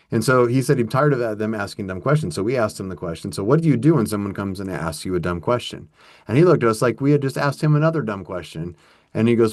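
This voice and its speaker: A man's voice: on the low side, lively intonation, fast talker, darkish tone, no echo, clean studio sound. A man co-hosting a workplace podcast, telling stories in a casual, conversational way and acting out quotes. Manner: storytelling with acted-out quotes, conversational. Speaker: podcast co-host.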